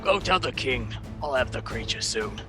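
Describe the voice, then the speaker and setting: A man's voice: medium pitch, expressive, moderate pace, pitched below the performer's own voice, close to an everyday voice. A man voicing a gun-wielding male boat driver who gives curt, threatening orders. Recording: music playing clearly behind.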